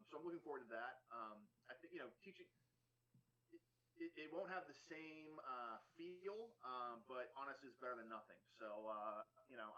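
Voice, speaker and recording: A man, a comedian and comedy teacher, talking in a relaxed interview with many fillers. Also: mid-range voice, rough recording. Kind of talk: casual interview.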